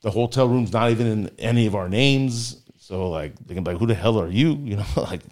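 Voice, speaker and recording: A man's voice: fairly low pitch, expressive, a little fast, darkish tone. Rambling man telling a story. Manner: rambling, heavy with filler words. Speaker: guest storyteller. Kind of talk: casual storytelling.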